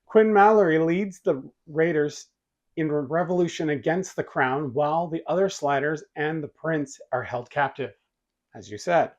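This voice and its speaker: A man's voice: on the high side, normal speed. A man co-hosting a podcast, reading out a plot recap with dry asides. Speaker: podcast co-host. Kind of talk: reading plot summary in casual chat.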